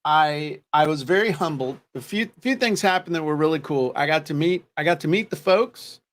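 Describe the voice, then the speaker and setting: A man's voice: fairly high pitch, moderate pace, fairly bright tone. A man co-hosting a show, telling stories in a casual, joking chat. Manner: joking storyteller, self-deprecating. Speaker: co-host.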